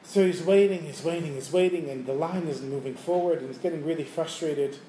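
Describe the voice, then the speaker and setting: A man tells a Hasidic tale to a class, lively and chuckling now and then. His voice is fairly high and mellow. The room echoes, with a faint ambience behind. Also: fairly quick, slight background noise. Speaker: Torah teacher. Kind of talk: storytelling Torah class. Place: room with listeners.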